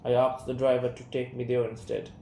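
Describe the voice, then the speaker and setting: A young man with an Indian English accent voicing a sharp, resentful young woman as he reads a play aloud, speaking her name and the stage directions too. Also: mid-range voice, monotone, a little fast, creaky, lightly acted. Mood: earnest. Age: young adult. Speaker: student reader. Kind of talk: reading an audio play aloud. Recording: roomy room, faint hiss.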